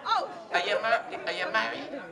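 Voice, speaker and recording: A man hosting a comedy show, quizzing an audience member with rapid-fire questions. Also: extremely high pitch, big pitch swings, creaky. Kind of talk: crowd work. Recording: amateur live recording from far off, crowd noise.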